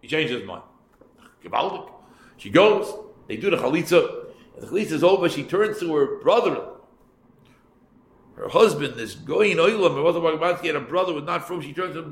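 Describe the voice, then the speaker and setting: A rabbi teaching a class, telling a story in an unhurried way, repeating phrases and adding asides for his listeners. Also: fairly high pitch, lively intonation, gravelly, fairly bright tone. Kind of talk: storytelling Torah lesson. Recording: echoey room, faint background noise.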